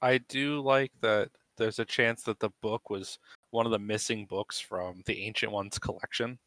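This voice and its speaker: Bright-voiced, eager man on a podcast. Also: fairly low pitch, steady tone, normal speed, dry recording. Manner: enthusiastic, lots of "like" fillers. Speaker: podcast co-host. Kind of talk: casual podcast chat.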